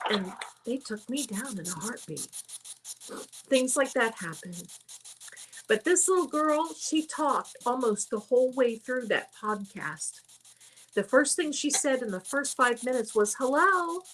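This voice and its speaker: A woman with a fairly high voice hosts a casual live stream as a psychic, rambling chattily from one story to the next. A faint hiss sits underneath her voice. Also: lively intonation, takes it slowly, long pauses, rough recording. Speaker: psychic host.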